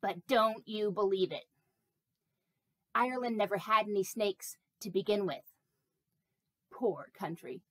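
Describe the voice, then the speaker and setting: A woman's voice: medium pitch, unhurried, long pauses, no room sound, voice pushed down, lightly acted. A woman voicing a vain, chatty, silly snake puppet in a children's sermon, talking playfully with rambling asides. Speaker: pastor.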